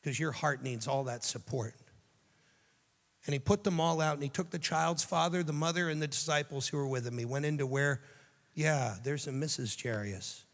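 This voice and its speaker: A man delivers a youth sermon in a storytelling style, acting out the voices in his story. His voice sits fairly high, and it carries a long reverb from a large hall. He swings from raised, emphatic lines to soft, hushed ones. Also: normal speed. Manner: dramatic storytelling, acting out quotes with hushed tender passages. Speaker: youth speaker.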